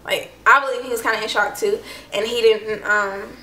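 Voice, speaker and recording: A young woman talks straight to her camera, telling a personal story in a loose, chatty way. She keeps reaching for "like" and "I don't know". Her voice is bright and pushed, sitting slightly high, and the room rings around it. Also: fairly even intonation, normal speed, distant mic, a little hiss or hum. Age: young adult. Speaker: vlogger. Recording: echoey room, voice a bit off-mic.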